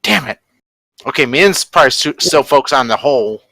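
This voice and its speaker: A man's voice: mid-range voice, lively intonation, a little fast, gravelly, sharp tone, a little hiss or hum. A man playing a tabletop game, hesitant and thinking aloud about what his characters do. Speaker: player. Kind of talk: casual tabletop play.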